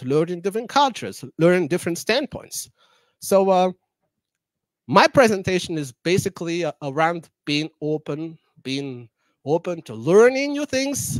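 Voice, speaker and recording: A man's voice: high voice, dry recording. A young man from Madagascar giving a public talk, hesitant, with many fillers and restarts. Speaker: guest speaker.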